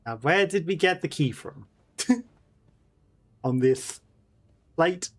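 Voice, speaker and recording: Man haltingly reading game text aloud. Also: a little high, expressive, husky, faint music behind. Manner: reads haltingly with fillers and self-corrections. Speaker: let's play host.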